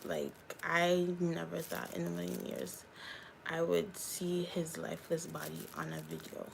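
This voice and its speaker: A woman's voice: fairly low pitch, very animated, a little slow, creaky, noisy background. A young woman, a YouTuber and hairstylist, chatting candidly on a livestream and talking straight to her viewers. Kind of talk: casual livestream chat.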